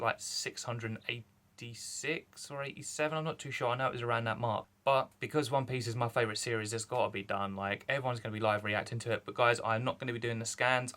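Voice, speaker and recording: A young man, reviewing a manga chapter in rambling, excited casual chat. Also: medium pitch. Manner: rambling, excited, lots of fillers.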